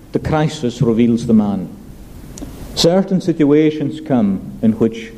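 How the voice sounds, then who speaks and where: A man's voice: on the high side, dark tone, rough recording. A male preacher giving a sermon, emphatic, asking rhetorical questions and repeating key phrases.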